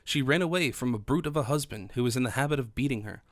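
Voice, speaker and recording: A man's voice: medium pitch, fast talker, no room sound, lightly acted. A man reading as Planchet, genial old grocer. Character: worldly cheerful middle-aged male grocer.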